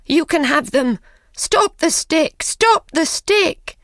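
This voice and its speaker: A woman voicing a jealous old man who cries out in high, strained pleas in a storybook reading. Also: level tone, slow, a bit bright, no echo, studio quality. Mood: pleading. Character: frightened jealous old man, shrill pleading.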